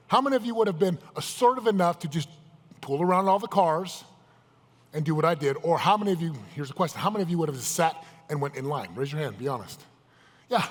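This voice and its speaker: A man's voice: high voice, expressive, fast. A man giving a motivational seminar talk, putting emphatic questions straight to a live audience. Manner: emphatic, questions the crowd directly. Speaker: motivational speaker. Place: large event hall with live audience. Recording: echoey hall, live event.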